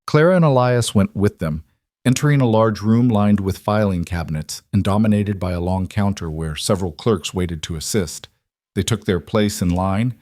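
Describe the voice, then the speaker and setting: Male storyteller, measured scripted narration, low pitch, dry close recording. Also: a little mellow, dry recording.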